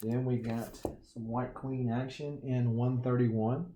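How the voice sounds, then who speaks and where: A man's voice: medium pitch, steady tone, takes it slowly, warm tone. A man with a Southern US accent, casually showing his comic collection with folksy, joking asides. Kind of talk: casual show-and-tell.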